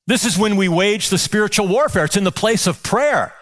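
A man's voice: sits high, animated, a little fast, fairly bright tone. A male pastor preaching a sermon with passion, firing off rhetorical questions and repeating words as he builds.

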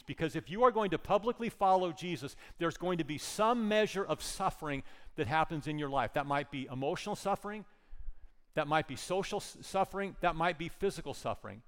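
A man's voice: fairly high pitch, animated, a little fast, fairly bright tone, in a large hall. A man preaching a sermon, retelling a scripture story and pressing home his points with earnest repetition. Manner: earnest, repeats words, rises to emphatic points. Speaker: pastor.

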